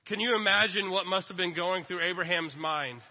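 A man in his forties preaching a sermon, telling the story in an animated way with self-deprecating humor. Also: high voice, moderate pace. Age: 40s. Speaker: pastor. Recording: dull echoing hall recording.

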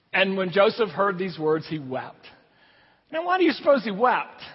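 A man's voice: sits high, slightly rough. A man preaching a sermon in a church, reading scripture and then explaining it in a conversational way. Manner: conversational preaching, lively rises and drops. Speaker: pastor. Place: church sanctuary. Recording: long hall reverb, dull lo-fi sound.

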